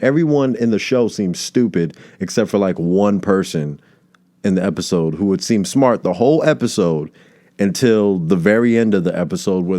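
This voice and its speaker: A man's voice: low voice, warm tone. A male comedian hosting a solo podcast, rambling from tangent to tangent and swearing casually.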